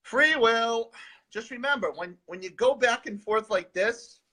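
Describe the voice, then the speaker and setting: A man co-hosting a live spiritual advice stream, chatting in an animated, sarcastic, rambling way. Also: very high-pitched, unhurried. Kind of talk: casual live-stream chat.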